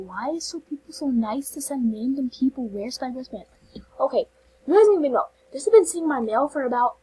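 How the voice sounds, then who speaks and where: A woman hosting a casual game vlog, talking over her screen, gushing and excitable, saying "like" and "literally" a lot, with sudden whispered asides. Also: on the high side, slightly rough, low-quality recording. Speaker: channel host.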